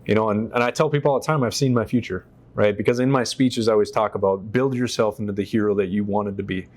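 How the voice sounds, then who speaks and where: A man from the United States, a veteran guest, telling his story in an interview in an animated, profane way and acting out what people said. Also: fairly low pitch, fast talker. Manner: animated, profane, acts out quotes. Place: on a stage in a shop.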